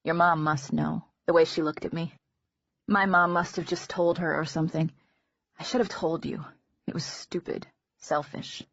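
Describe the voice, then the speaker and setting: A woman voicing a calm, seriously ill teenage boy who talks quietly and holds back tears. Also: deep voice, normal speed, creaky, no room sound, heavily acted. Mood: regretful. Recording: dull lo-fi recording.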